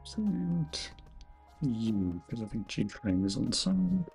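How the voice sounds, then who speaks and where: A man's voice: medium pitch, sing-song, slow, creaky, darkish tone, soft background music. A man streaming his game development, thinking aloud as he codes, correcting himself and chatting with viewers in a jokey, self-deprecating way. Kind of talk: casual live-stream commentary while coding.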